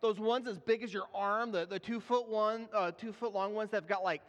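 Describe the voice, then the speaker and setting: A man's voice: sits high, fairly even intonation, brisk, lo-fi sound. A man in his thirties, a pastor, preaching in a church in a conversational, self-deprecating way with frequent fillers and restarts. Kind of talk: sermon with personal storytelling. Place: church sanctuary. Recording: echoey hall.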